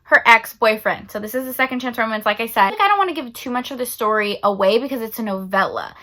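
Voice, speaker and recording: A young woman chatting casually about books she's reading, with animated, drawn-out emphasis. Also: on the high side. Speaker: book vlogger.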